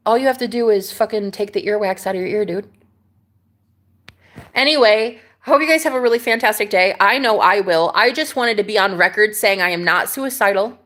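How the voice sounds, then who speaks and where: In a casual livestream, a female vlogger chats with her live chat in a medium-pitched voice with a fairly bright tone. She relates stories with lots of drama and doesn't hold back on swearing.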